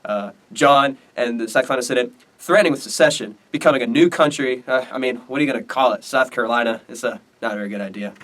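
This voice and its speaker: A teenage student presenter casually explaining history in a loose, rambling, slangy way. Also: male voice, medium pitch, fast talker, fairly bright tone, distant mic.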